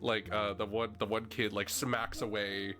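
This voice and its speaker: A man's voice: on the low side, level tone, a little slow, sharp tone. Chatty male streamer rambling over game music. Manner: rambling, chatty, lots of "like" and restarts, mild swearing. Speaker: streamer playing a video game. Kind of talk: casual gameplay commentary, reading game text aloud. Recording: faint game music underneath.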